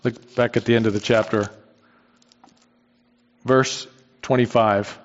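A man's voice: medium pitch, fairly even intonation, takes it slowly. A man teaching a Bible study class in a conversational way, thinking aloud with frequent restarts and putting questions to the class. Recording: dull lo-fi recording in a reverberant hall.

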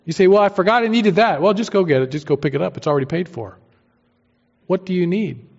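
Captured in a dull, lo-fi sermon recording, this pastor talks fast in a high-sitting voice. He preaches with emphasis and draws on down-to-earth, everyday analogies.

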